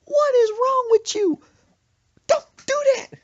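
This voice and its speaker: A man voicing a loud, hot-tempered grieving mother, shrieking and scolding in a combative way. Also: extremely high pitch, a little slow, muffled recording, pitched above the performer's own voice, full character voice.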